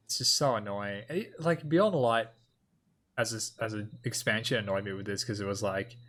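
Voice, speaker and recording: A man's voice: on the low side, a bit bright. A man co-hosting a casual gaming podcast, grumbling and swearing freely about a game. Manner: grumbling complaints, frequent swearing. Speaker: podcast co-host.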